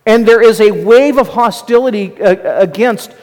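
A man's voice: high voice, normal speed, darkish tone. A middle-aged man, a pastor and school administrator, preaching a sermon in a conversational teaching manner with asides. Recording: long hall reverb.

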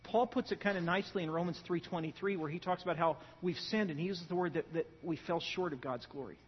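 Male pastor, husky and fairly high-pitched, lively sermon delivery with big swings in volume; dull recording with long hall reverb. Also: fast. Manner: animated, joking storyteller who swings from loud emphasis to quiet.

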